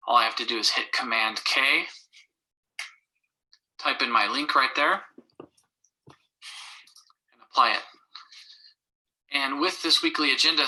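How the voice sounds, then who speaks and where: A man who teaches fifth grade, presenting his teaching tips in a recorded video and working through them clearly, point by point. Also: medium pitch, sharp tone, rough recording. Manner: clear, methodical, lists points in order.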